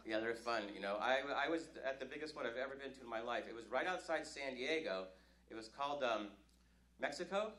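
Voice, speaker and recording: A man's voice: mid-range voice, animated, a little fast, noisy background. A man from Northern California doing a rambling, self-deprecating stand-up set on a comedy club stage. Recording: live club recording, roomy with crowd.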